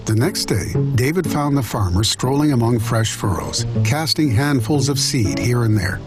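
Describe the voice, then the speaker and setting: A man narrating a storybook tale in an expressive, animated way. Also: medium pitch, normal speed, few pauses. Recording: narration over clear background music.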